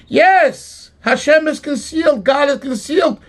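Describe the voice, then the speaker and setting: A man preaching a sermon with rising passion and emphatic cries, phrasing his words slowly and deliberately. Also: extremely high pitch, lively intonation, a bit bright. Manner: impassioned, swelling to emphatic cries. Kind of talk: sermon with sung melody.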